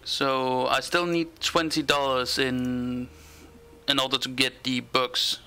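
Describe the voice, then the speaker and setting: A man acting as game master and streamer, chatting casually and haltingly, with many fillers. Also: medium pitch, little pitch movement, pushed and bright, clear, resonant tone. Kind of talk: casual chat between game sessions.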